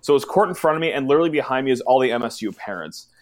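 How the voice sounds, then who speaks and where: Animated joking man co-hosting. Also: medium pitch, rapid-fire. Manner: jokey, animated storytelling. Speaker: co-host. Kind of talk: casual sports chat.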